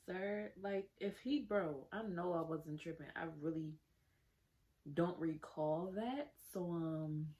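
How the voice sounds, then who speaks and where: A young woman tells a personal story straight to camera. Her voice sits a little low, and she talks in a chatty, animated way, calling out to her viewers as she goes. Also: slow. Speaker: storytime vlogger.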